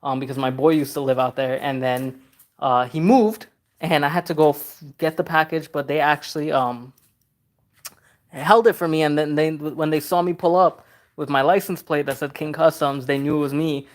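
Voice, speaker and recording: A man's voice: on the high side, fairly even intonation, moderate pace. Casual livestream host: man in his thirties from Trinidad, chatty, laid-back, reads out viewer comments and laughs a lot. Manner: chatty and easygoing, reads viewer questions aloud, laughs often. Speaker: car customizing channel host.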